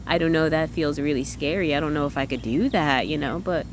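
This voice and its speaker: A woman with a low-pitched voice speaks in a candid, self-questioning way, thinking out loud for her vlog. She keeps checking in with her listeners as she goes. A faint noise sits under the recording. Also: brisk. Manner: candid, self-questioning, says "you know what I'm saying" often. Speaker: vlogger. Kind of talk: reflective personal vlog monologue.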